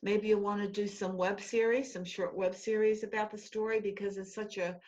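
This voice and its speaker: A woman's voice: medium pitch, fairly even intonation, normal speed, darkish tone, lo-fi sound. A woman hosting a casual web-show interview over a video call, effusive and encouraging. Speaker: host.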